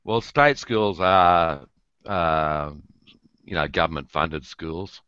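An Australian man, a podcast guest, explaining local slang in a relaxed, easygoing way with plenty of ums. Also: deep voice, takes it slowly, clean tone, no room sound, dull audio. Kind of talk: casual chat.

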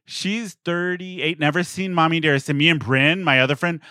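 Bright giggly man hosting a podcast. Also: on the high side, steady tone, moderate pace, clear, resonant tone, no echo, studio quality. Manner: giggly, chatty storyteller. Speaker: podcast host. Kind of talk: casual podcast chat.

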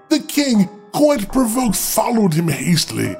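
Male storyteller, high-pitched voice, sardonic asides, comedic fairy tale reading, faint music underneath. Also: animated, a little slow.

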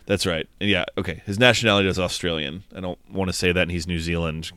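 Deep-voiced man cracking profane movie jokes. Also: fairly even intonation, fast talker, sharp tone, smooth, no echo, clean studio sound. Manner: profane, joking, recaps scenes. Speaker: podcast co-host. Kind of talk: casual movie review chat.

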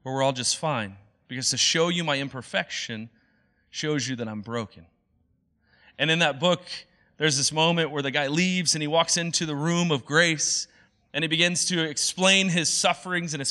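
A man's voice: on the high side, sharp tone. A young adult man preaching a sermon as a pastor, in an earnest, conversational way. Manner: earnest, conversational, acts out quoted voices.

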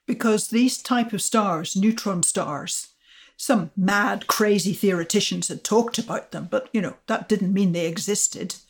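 Older woman scientist, measured storytelling, explains things patiently. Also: mid-range voice. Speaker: astrophysicist guest. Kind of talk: storytelling interview answers.

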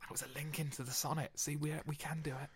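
A man's voice: on the high side, level tone, fast talker, slightly rough. A man hosting a podcast in casual chat, dry and teasing, laughing often, talking into a close mic. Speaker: podcast host. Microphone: close podcast mic, wearing earbuds.

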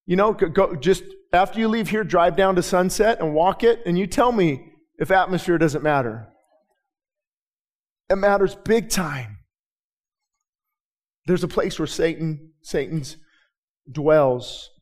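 Preaching in a church with a balcony, a male pastor uses a high-pitched, expressive voice. He swings from soft, stop-and-start storytelling to loud, fervent proclamation full of repeated lines.

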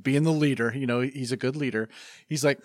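A man's voice: mid-range voice, a little fast, no room sound, clean studio sound. A man chatting casually about a film, laughing and swearing as he recounts scenes. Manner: laughing, profane. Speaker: podcast co-host. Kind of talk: casual chat.

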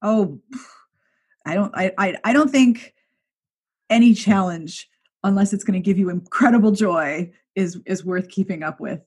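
A woman hosting a casual podcast chat, talking wryly and exclaiming with quick laughs. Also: medium pitch, a little mellow, breathy edge. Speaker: podcast host.

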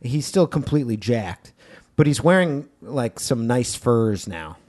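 A man co-hosting a movie podcast, chatting casually. He is joking and animated. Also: mid-range voice, measured pace. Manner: joking, animated, reads text with mock gravitas. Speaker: podcast co-host.

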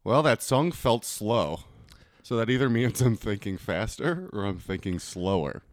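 A man's voice: on the low side, animated, measured pace, dry recording. A man co-hosting a podcast in casual chat, cracking wry, profane jokes. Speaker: podcast co-host.

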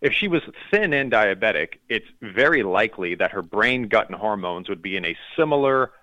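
Bright, forceful man explaining with urgency. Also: on the low side, no room sound, rough recording. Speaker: health expert guest. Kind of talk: explanatory interview talk.

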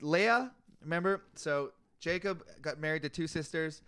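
Man, podcast co-host, smooth clear voice, slightly high, exasperated reader, dry close sound. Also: normal speed, a bit bright, no room sound. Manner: exasperated, swears while reading long name lists. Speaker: podcast co-host reading scripture. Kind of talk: casual chat and reading aloud.

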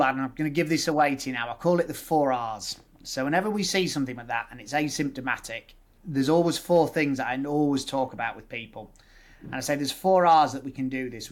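A male dentist with a Yorkshire accent explaining his methods in a podcast conversation, laying out options in steady lists. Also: on the high side. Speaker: dentist guest.

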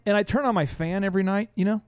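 A man hosting a business talk show, upbeat and animated, telling stories with quick restarts. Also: high-pitched, a little hiss or hum. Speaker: show host.

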